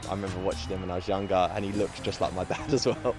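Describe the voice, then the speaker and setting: A young man from England chatting casually about tennis and family, relaxed and full of fillers. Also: low voice, very fast, over music. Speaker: guest interviewee. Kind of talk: casual to-camera chat.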